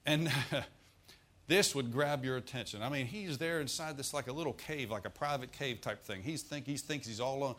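A man's voice: mid-range voice, moderate pace, fairly bright tone. Folksy male preacher. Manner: folksy, humorous preaching with asides. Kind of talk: sermon.

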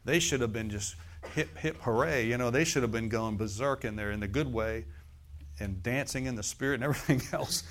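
A man's voice: medium pitch, brisk, a bit bright. Guy preaching in church, folksy, laughs a lot, keeps asking the crowd questions. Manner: folksy, laughing asides, rhetorical questions to the congregation. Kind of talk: sermon. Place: church service.

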